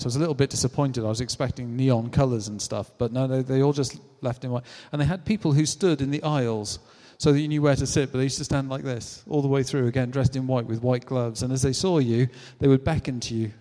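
A British man preaching a sermon in a chatty, animated way, acting out quotes as he tells stories. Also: medium pitch, in a large hall. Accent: British English. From Britain. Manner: conversational, animated storytelling with acted-out quotes.

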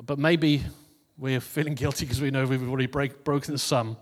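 A man preaching in a relaxed, chatty way, chuckling at his own jokes and then reading scripture. His voice sits at an ordinary middle pitch. A long reverb tail hangs behind every phrase. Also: moderate pace. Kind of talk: casual New Year sermon.

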